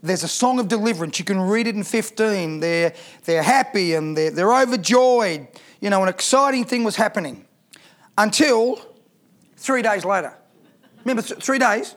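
A man's voice: high-pitched, moderate pace. A man preaching a sermon as pastor, reading scripture aloud and asking the congregation rhetorical questions.

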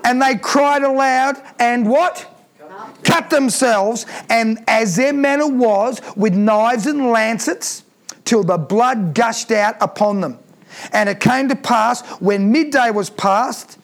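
A man's voice: sits high, slow pace. A man preaching a sermon, reading scripture aloud and breaking off to comment with emphatic repeated phrases and rhetorical questions.

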